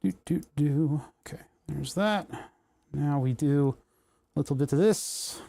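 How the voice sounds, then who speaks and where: A man's voice: fairly high pitch, unhurried, creaky, mellow. Rambling man chatting while soldering. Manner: rambling, joking asides, thinking aloud. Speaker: livestream host building electronics. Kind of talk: casual livestream chat while soldering.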